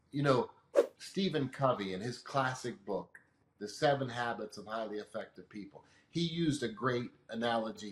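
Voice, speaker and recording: Calm teaching man in a roomy space. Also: mid-range voice, slight background noise. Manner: calm, teaching tone with practical examples. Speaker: emotional management expert guest. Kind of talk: explanatory interview answers. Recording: roomy echo.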